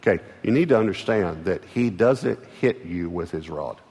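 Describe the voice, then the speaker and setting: Texan pastor preaching in a big hall. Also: male voice, low voice, lively intonation, moderate pace. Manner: earnest, repeats words, swings from loud calls to hushed lines. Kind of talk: sermon. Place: large church auditorium. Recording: large hall reverb with soft music.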